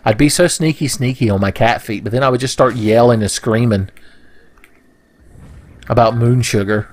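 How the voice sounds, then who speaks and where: A man's voice: medium pitch, moderate pace. A man giving crude, rambling commentary over his own gameplay. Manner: rambling, crude jokes, mock voices for enemies. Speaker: gaming video host.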